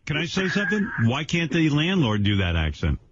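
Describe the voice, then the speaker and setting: A man hosting a radio show, riffing and pitching wild ideas in casual banter. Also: huge pitch swings, brisk, background noise. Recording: dull lo-fi radio audio.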